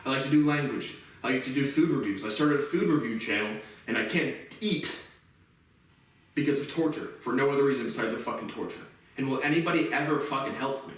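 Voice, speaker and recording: A man delivering an angry, profane vlog rant that bursts into shouting. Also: medium pitch, recorded from a distance. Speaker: vlogger. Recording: very echoey room, voice off-mic.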